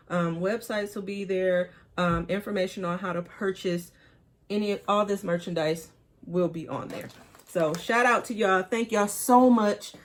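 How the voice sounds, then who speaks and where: Chatty Detroit woman unboxing a haul. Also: mid-range voice. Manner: excited, chatty, addresses viewers as y'all. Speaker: sneaker vlogger. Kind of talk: casual unboxing haul vlog.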